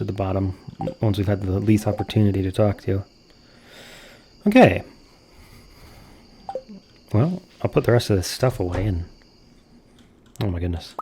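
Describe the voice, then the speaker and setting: Casual, swearing low-voiced man gaming. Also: gravelly, dark tone, slight background noise. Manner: casual, profane and self-mocking. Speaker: gaming streamer. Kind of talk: let's play commentary.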